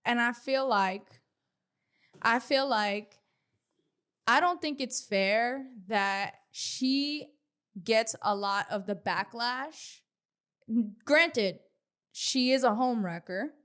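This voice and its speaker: An opinionated woman co-hosting a gossip podcast, chatting casually about a reality show. Her voice sits a little high, and she swears freely while arguing her side. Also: very slow, pauses often, fairly bright tone. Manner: opinionated, profane, mimics others mockingly. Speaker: podcast co-host.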